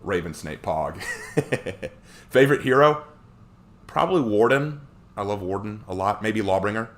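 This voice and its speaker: A man's voice: lowish voice, unhurried. A man live streaming who chats casually with viewers, reads their comments aloud and jokes around. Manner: animated, joking.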